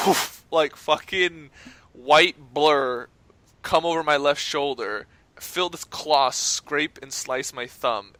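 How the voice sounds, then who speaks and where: A man's voice: on the high side, pushed and bright, dry recording. A young man co-hosting a podcast, telling stories in rambling casual chat and swearing freely. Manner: rambling storyteller, swears a lot, frequent "like" and "right?". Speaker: podcast co-host.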